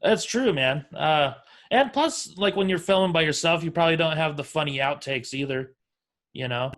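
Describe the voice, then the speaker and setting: A man's voice: a little high, animated, normal speed, fairly bright tone. A man hosting a podcast, chatting casually in an easygoing, supportive way. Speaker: podcast host.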